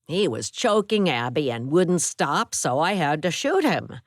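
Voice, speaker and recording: A woman's voice: deep voice, big pitch swings, a little slow, dry recording, studio quality, heavily acted. A woman voicing a modest older man in an audiobook, speaking in a plain, understated way. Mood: shaken.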